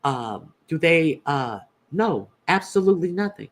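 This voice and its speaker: A slightly high-voiced man giving casual opinion commentary to his viewers. He is blunt and swears freely, stopping and restarting with lots of "uh" fillers between his points. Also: sing-song. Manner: blunt and profane, halting with many "uh" fillers. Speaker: YouTube commentator host.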